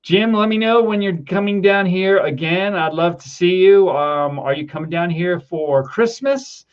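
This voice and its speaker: A man's voice: high voice, a little slow, clean tone, lo-fi sound. Emotional man hosting a livestream. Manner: emotional, teary, laughing between words; rambling with many ums and restarts. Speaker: livestream host. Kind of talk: casual livestream chat reading viewer comments.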